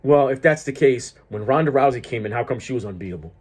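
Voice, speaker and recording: A fired-up man rants at mid pitch in a loose, profane monologue about wrestling. He stumbles over himself, repeating words and restarting lines as his thoughts run ahead of him. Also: expressive, fast talker, darkish tone. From Greek heritage. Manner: profane, heated, restarts often. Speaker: wrestling commentator vlogger. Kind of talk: casual ranting monologue.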